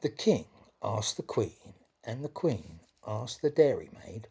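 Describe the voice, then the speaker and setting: Male storyteller, reading a rhyme aloud, slow pace, warm mellow tone. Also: on the low side, big pitch swings, vocal fry, slightly rough.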